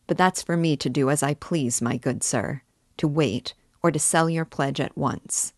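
Stingy old pawnbroker woman, severe, curt, low voice, dry close sound, a woman reading her part. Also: measured pace, dry recording.

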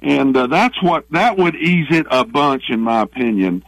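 A man's voice: mid-range voice, animated, moderate pace, gravelly, dry recording, poor audio. A man with a Southern American accent, a former athletic director giving opinionated, rambling views as a radio guest. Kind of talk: phone-in guest interview.

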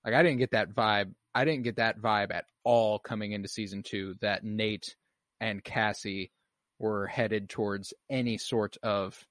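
A man's voice: fairly low pitch, steady tone, a little slow, a bit bright, no echo. A man in casual chat about a TV show, laid-back and opinionated, swearing freely.

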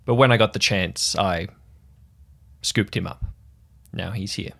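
A man voicing a giant male bird-man who guards the desert, speaking in a measured, quiet, solemn way. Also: lowish voice, vocal fry, full character voice.

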